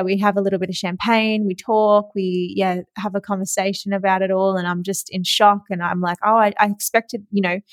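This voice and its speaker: A young Australian woman hosting a podcast, telling a story in a chatty, excitable way with frequent laughs and casual swearing. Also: medium pitch, dry recording. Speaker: podcast host.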